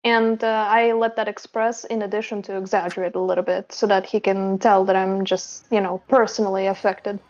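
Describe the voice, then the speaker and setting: A woman's voice: medium pitch, level tone, fairly quick, few pauses, a little mellow, dull audio. A woman player in a tabletop role-playing game, hesitantly describing what her detective does. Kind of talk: in-character tabletop play.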